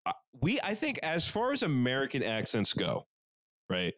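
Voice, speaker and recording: A man's voice: mid-range voice, moderate pace, dry recording. A man with a Northeastern US accent co-hosting a podcast, bantering in a rambling, profane style from a couch at home. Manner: rambling, profane, animated storytelling. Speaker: podcast co-host.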